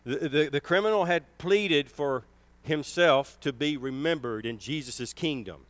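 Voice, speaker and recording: A man preaching a sermon, emphatic, swelling and slowing down on key words. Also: a little high, fairly bright tone, no room sound.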